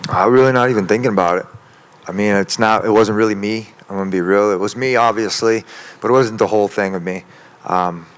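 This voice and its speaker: A man, a professional fighter, answering interview questions in an intense, profane, rambling way. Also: lowish voice. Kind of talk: media day interview answers.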